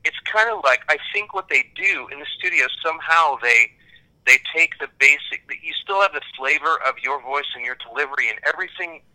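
An American man from Kansas, an actor, chatting casually in an interview in a rambling, animated, self-deprecating way. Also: mid-range voice, rough recording. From Kansas, United States. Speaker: actor guest.

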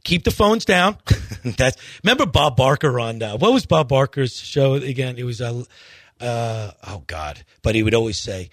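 A man's voice: medium pitch, expressive, moderate pace, a bit bright, no echo, clean studio sound. A man hosting a golf radio show, pleading earnestly in a rambling rant full of restarts. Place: radio studio.

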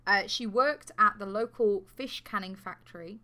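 A woman's voice: mid-range voice, moderate pace, sharp tone. A woman co-hosting a podcast, telling a true crime story in a casual, sweary, jokey way. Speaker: podcast co-host.

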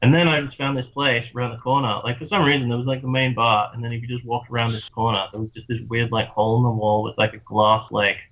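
A man's voice: mid-range voice, level tone, fast talker, hardly any pauses. Australian man, casual chat, rambling swearing storyteller, muffled lo-fi sound. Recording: dull lo-fi sound.

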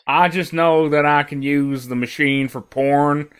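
Missouri guy on a podcast, kinda high voice, jokey and swears a lot, trips over his words. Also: steady tone, unhurried, fairly bright tone, smooth. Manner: joking, profane, stammering restarts. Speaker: podcast co-host. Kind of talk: casual podcast chat.

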